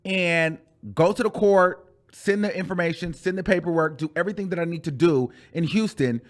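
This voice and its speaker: A man telling a storytime rant on his channel in a chatty, animated way, calling the listener "girl" and repeating phrases for emphasis. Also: high-pitched, normal speed. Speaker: YouTuber.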